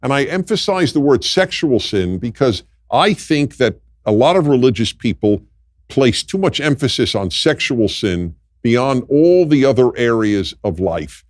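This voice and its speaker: A man's voice: medium pitch, big pitch swings, a little slow, no echo, studio quality. Emphatic older man debating morality. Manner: emphatic, repetitive. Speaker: guest. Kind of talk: political discussion.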